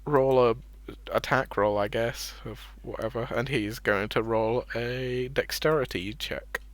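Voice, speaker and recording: A man running a tabletop game as game master, relaxed, laughing often and trailing off into fillers. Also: medium pitch, measured pace, dry recording.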